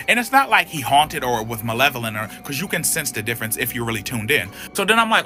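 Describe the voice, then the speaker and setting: A man telling a casual storytime in an animated, profane way, acting out what people said. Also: fairly high pitch, brisk, soft background music. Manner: animated, profane, acts out quotes. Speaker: storyteller in a played clip.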